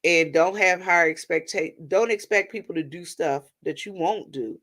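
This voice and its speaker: A woman's voice: fairly low pitch, moderate pace, a bit bright. A middle-aged woman, chatting and rambling to her viewers in a casual vlog. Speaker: vlogger. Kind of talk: casual storytelling vent to viewers.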